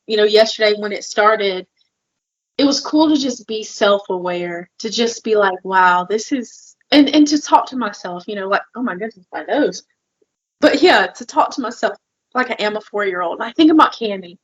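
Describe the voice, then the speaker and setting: A woman's voice: medium pitch, lively intonation, normal speed, lo-fi sound. Candid woman co-host, open and emotional. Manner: open, emotional, heavy filler "like". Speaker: podcast co-host. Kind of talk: candid personal conversation.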